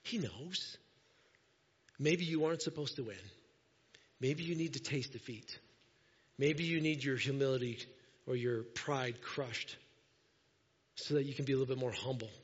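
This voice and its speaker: A man preaching a sermon as pastor to his church, lively and acting out the people he talks about. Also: mid-range voice, a little slow, pauses often, husky. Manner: animated, acts out quoted voices. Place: church sanctuary. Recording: dull lo-fi sound with long hall reverb.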